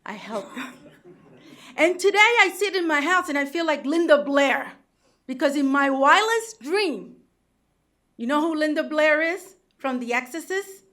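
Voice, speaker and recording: A woman's voice: sits high, expressive, measured pace, fairly bright tone. An older woman from Cuba, a taxi medallion owner, giving emotional, pleading testimony at a public hearing.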